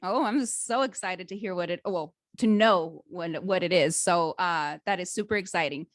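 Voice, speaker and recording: A woman hosting a podcast interview in a casual, chatty way, enthusiastic and animated, laughing easily. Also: on the low side, normal speed, dry recording, studio quality. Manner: self-described dramatic storyteller. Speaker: podcast host.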